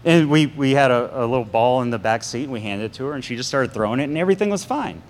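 A man's voice: mid-range voice, fast talker. A man in his thirties preaching a casual sermon, telling stories and acting out quotes with a shifting voice. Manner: storytelling, animated, acts out quotes with shifting voice.

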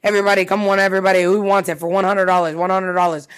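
A woman voicing a pushy auctioneer who calls out bids for a plane seat in a brash, rapid-fire way. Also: medium pitch, flat delivery, lightly acted. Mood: hawking.

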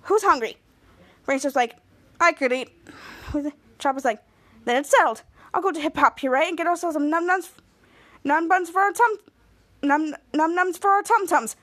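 A high-pitched woman hosts a casual podcast, recapping a TV episode and slipping into the characters' lines as she tells it. Her voice is bright and lively, and it sounds close and dry with no room echo. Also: normal speed, long pauses. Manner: lively retelling, acting out quoted dialogue. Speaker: podcast host.

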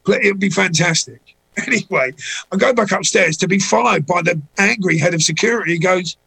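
A middle-aged man spins anecdotes in a casual chat, his voice rough and gravelly with a husky edge. He sits a little high for a man. He jumps into the voices of the people in his stories. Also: a little fast, poor audio. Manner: anecdotal, animated when voicing people in stories. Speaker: guest.

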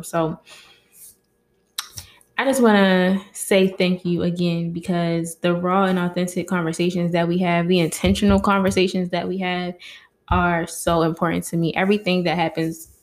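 A woman's voice: fairly low pitch, fairly even intonation, normal speed, darkish tone. A woman hosting her own podcast, talking casually and heartfelt to her listeners into a mic, often calling them y'all. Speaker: podcast host. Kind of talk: casual solo podcast talk.

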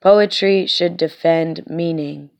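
A woman poet performing spoken-word poetry with a measured, rhythmic, deliberate delivery. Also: low voice, vocal fry.

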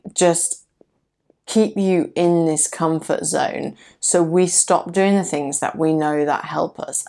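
A woman's voice: low voice, creaky. A woman hosting her own podcast, talking casually, candidly and reflectively about her own experience. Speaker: podcast host. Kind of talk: casual solo podcast talk.

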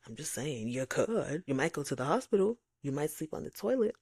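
Low-voiced woman in a dry close recording. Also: a little fast, husky, no echo. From Nigeria. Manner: animated, acts out voices of God and others. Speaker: podcast host. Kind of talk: faith-based reflective monologue.

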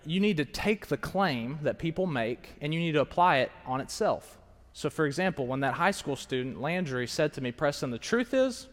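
A man preaching a sermon to a live audience, animated and engaging, swinging from hushed asides to raised, emphatic lines. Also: fairly high pitch. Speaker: pastor. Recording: long hall reverb.

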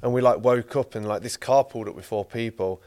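Fast-talking young man. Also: medium pitch, a little mellow. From England. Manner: rambling, quick storytelling with many fillers. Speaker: podcast host. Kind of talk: casual chat.

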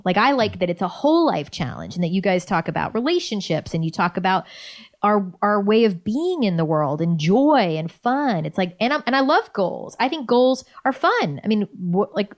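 A middle-aged woman, a life coach, talking casually and animatedly as an interview guest and laughing easily. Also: mid-range voice.

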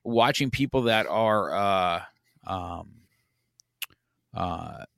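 A man's voice: low-pitched, drawn-out words, creaky, a bit bright, no echo, studio quality. An older man, a martial arts instructor hosting a casual podcast chat, talking in a blunt, reflective way with stammered restarts.

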